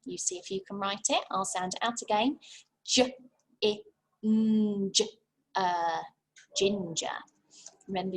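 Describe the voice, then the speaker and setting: Husky-voiced English woman teaching phonics. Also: medium pitch, expressive, rough recording. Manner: slow, exaggerated sounding out of letters; encouraging and praising. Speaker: infant school teacher. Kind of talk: phonics lesson for young children.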